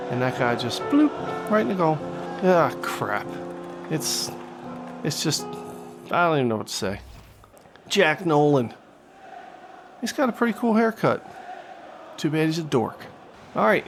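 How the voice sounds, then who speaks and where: A man hosting a gaming channel, giving jokey mock-announcer play-by-play of a football video game and shouting at the big plays. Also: a little high. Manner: excitable, jumps into loud shouts at big plays. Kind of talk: playful game commentary.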